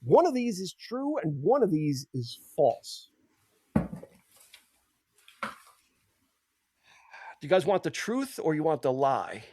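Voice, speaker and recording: A man hosting a casual podcast chat, playful and quick to laugh as he runs a quiz game. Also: fairly high pitch, sing-song, warm tone, breathy edge, dry recording. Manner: playful, laughs often, quiz-master banter. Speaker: podcast host.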